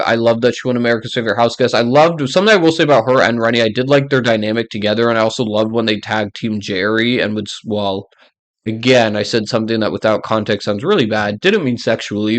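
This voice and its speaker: A man's voice: medium pitch, fairly even intonation, fast. A young man talking casually as a YouTuber, ranking reality show players with blunt, ranting opinions and many fillers.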